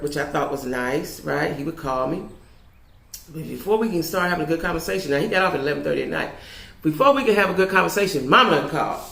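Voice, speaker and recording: Blunt, gravelly woman telling a story. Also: lowish voice, a bit bright. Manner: blunt, profane, tags lines with "right?". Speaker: vlogger. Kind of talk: storytime vlog. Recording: roomy echo.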